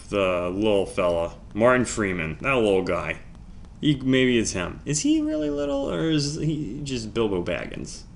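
A man hosts a solo podcast in a loose, rambling monologue. His pitch is lively and bounces around a lot. He drops into quiet mumbles, then breaks into loud, jokey asides. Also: gravelly. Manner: animated, swings between mumbling and loud. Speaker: podcast host.

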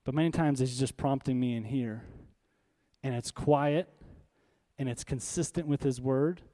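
A man's voice: mid-range voice, unhurried, dark tone. A man preaching a sermon as pastor, in a conversational, emphatic style full of rhetorical questions.

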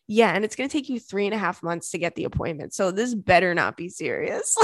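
A woman's voice: lowish voice, animated, fairly quick, hardly any pauses, no echo, studio quality. A young adult woman hosting a podcast, telling candid stories in a chatty, oversharing way with swearing and laughter. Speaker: podcast host. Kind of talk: casual chat.

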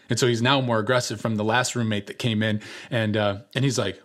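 A young man preaching a sermon, telling a personal story in a relaxed, conversational way with many filler words. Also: on the low side, fairly quick. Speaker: pastor.

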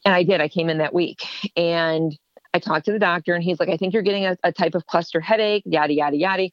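Woman telling her story in an interview, lowish voice, acts out the quotes, kinda dull dry sound. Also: fast talker, no echo. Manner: animated, acts out quoted dialogue. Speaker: guest.

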